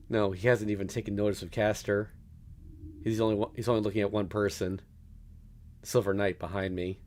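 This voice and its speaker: Low-voiced man narrating a visual novel. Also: slight background noise. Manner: steady narration with small stumbles and laughs. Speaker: streamer reading a visual novel aloud.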